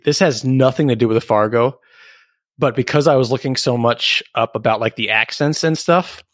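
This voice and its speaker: A man co-hosting a podcast in casual chat, relaxed and quick to laugh as he tells a story. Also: mid-range voice, dry recording, clean studio sound. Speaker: podcast co-host.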